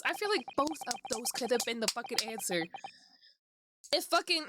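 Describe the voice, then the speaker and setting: A woman streaming a video game, reading the dialogue aloud and reacting excitably, swearing often and laughing a lot. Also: a little high, normal speed, long pauses, no room sound. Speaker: VTuber streamer. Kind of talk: gaming livestream commentary. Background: background music.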